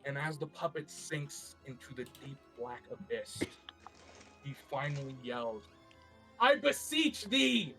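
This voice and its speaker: A man narrating a tabletop game as game master, animated and descriptive. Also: mid-range voice, unhurried, faint music behind.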